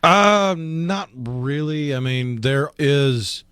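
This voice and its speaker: A man co-hosting a radio talk show, speaking in a deliberate way and pausing to search for words. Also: a little high, lively intonation, a bit bright, clear, resonant tone, no room sound, studio quality. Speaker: radio co-host. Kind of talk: casual talk radio chat. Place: radio studio.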